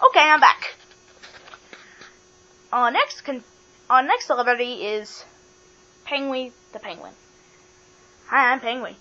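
A woman hosts a playful pretend talk show in a high, bright voice. She speaks in a bossy, matter-of-fact way and moves guests along. The recording is dull and lo-fi with mains hum. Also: big pitch swings, a little slow, pauses often. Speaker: host of a toy talk show.

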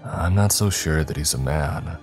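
A man's voice: rumbling low, a little slow, faint music behind. A man voicing a frightened young man who is losing his grip, panicked and pleading, breaking into screams, in a horror story. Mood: fearful. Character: frightened, unraveling young man haunted by a presence.

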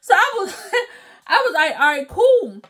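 A young woman tells a story to her viewers, and her voice sits high and swoops up and down. She acts out each quote with loud exclamations and slang. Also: very animated, unhurried. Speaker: storytime vlogger. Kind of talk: casual storytelling.

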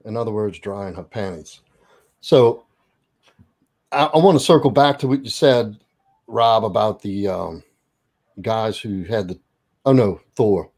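A man telling a story in casual chat as a guest, profane and animated. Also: lowish voice, measured pace, long pauses.

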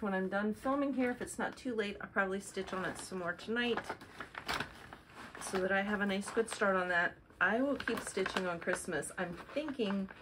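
A woman's voice: medium pitch, noisy background. A woman hosting a casual show-and-tell video, chatting in a rambling way and correcting herself as she goes. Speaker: flosstube host.

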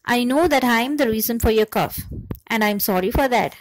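A woman's voice: fairly high pitch, brisk, no room sound, close to an everyday voice, low-quality recording. A woman voicing the wind, which apologizes and explains itself in a storybook. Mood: apologetic. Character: apologetic, helpless polluted wind.

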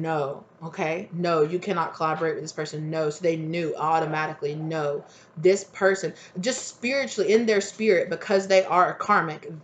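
Through dull audio, a medium-pitched tarot reader rambles casually through a reading, circling back to the same phrases and filling gaps with "like" and "right?".

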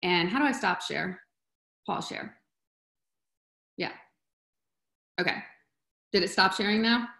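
A woman talks over a video call, casual and heartfelt, sometimes getting choked up. Her voice sits at a middle pitch. The room is noticeably echoey. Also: takes it slowly, vocal fry, pauses often, pushed and bright. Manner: emotional, chokes up at times. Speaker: webinar presenter.

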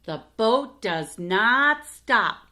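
A woman reading a picture book aloud for children, expressive, with asides to her listeners. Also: on the high side, extremely slow. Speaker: storytime reader.

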